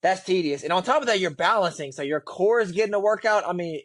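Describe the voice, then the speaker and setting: A man co-hosting a casual reaction podcast, talking in an animated, slangy way, his voice jumping up when he is exasperated. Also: sits high, fast, no room sound. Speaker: podcast co-host.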